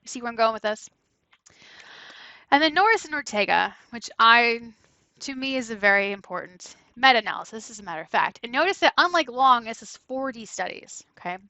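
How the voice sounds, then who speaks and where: A woman lecturer giving a conversational classroom lecture, often checking in with "right?" and breaking into animated asides. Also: a little high, fairly quick, no echo, poor audio. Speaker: university lecturer.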